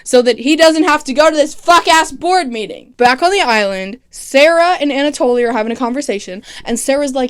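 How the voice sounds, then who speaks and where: A woman recapping a TV series in casual chat, animated and sarcastic, swearing freely and mimicking characters in quick asides. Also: high-pitched. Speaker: TV recap vlogger.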